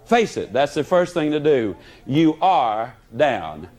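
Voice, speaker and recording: A man giving a motivational speech, telling it in a folksy, animated way with humor. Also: fairly high pitch, slow pace. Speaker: motivational speaker.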